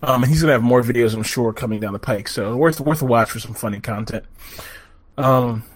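A man hosting a casual chat, telling stories in an animated, profane way. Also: medium pitch, a little fast. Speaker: podcast host.

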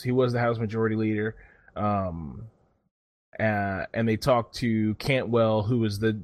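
A man's voice: fairly low pitch, no echo, clean studio sound. A man telling a story in casual chat, rambling and cursing freely as he goes. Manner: profane, rambling, animated storytelling.

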